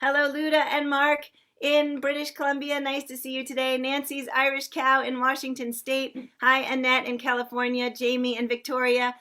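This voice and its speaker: Bubbly high-voiced woman hosting a livestream. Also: completely flat delivery, normal speed, bright, forceful tone. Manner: effusive and chatty. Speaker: host of a daily online sing-along. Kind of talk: livestream welcome, greeting viewers by name. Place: indoors in a shared room with other singers.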